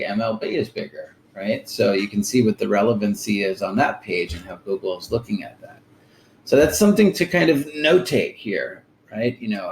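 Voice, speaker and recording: A man giving a casual screen-share marketing lesson, often ending sentences with "right?" and pausing on "um". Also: lowish voice, reverberant, slight background noise, rough recording. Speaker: digital marketing presenter.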